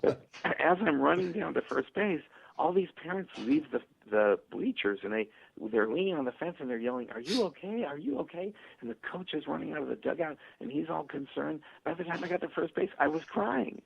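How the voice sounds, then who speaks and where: A male author telling stories and acting out parents' voices in a radio interview, with a husky, gravelly voice. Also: fairly high pitch, expressive, brisk. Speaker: author guest. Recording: tinny phone line.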